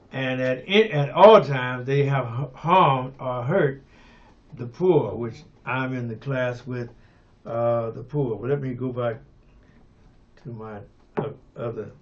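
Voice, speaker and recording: An older man preaching a radio sermon, unhurried, with many fillers and restarts, and rising to fervent emphasis on key words. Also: medium pitch, highs cut off. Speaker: pastor.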